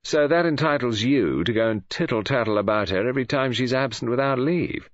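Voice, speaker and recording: A man's voice: mid-range voice, animated, a little fast, dry recording, pitched above the performer's own voice, close to an everyday voice. A man voicing a languid, offhand young woman, teasing and arty, in an audiobook reading. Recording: dull lo-fi audio.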